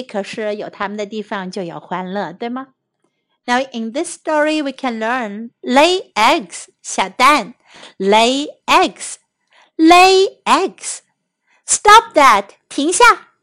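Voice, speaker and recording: A woman with a high, lively voice leads a children's language lesson. She speaks slowly and repeats every phrase several times so young learners can follow. Her delivery is patient and clear. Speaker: children's English teacher.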